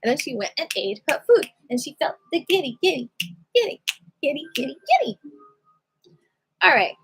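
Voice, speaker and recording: A woman leading a livestream qigong class in a playful, giddy, chatty way, with slow guided prompts to notice breath and heartbeat. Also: high-pitched, big pitch swings, fairly bright tone, slight background noise, low-quality recording. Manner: playful, giddy, breaks into sing-song cat voices. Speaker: qigong teacher. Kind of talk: casual livestream class guidance.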